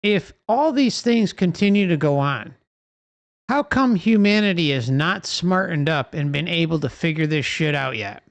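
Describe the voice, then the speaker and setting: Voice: medium pitch, lively intonation, moderate pace, no echo, dull audio. A livestream host delivering an impassioned, profane rant full of rhetorical questions.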